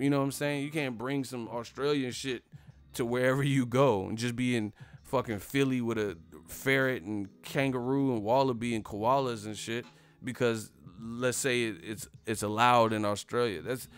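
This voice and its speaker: A man talks loosely on a live stream, rambling and swearing freely and chuckling at his own jokes. His voice sits at an everyday middle pitch. Quiet music plays faintly behind him. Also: smooth. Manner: profane, rambling, laughs at himself. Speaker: boxing commentary host. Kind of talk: casual live-stream rant.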